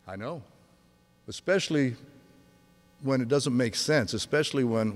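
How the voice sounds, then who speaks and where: Animated preacher man in a reverberant hall. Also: medium pitch, moderate pace, long pauses. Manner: animated storytelling, swings from loud to hushed. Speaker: pastor. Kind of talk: sermon.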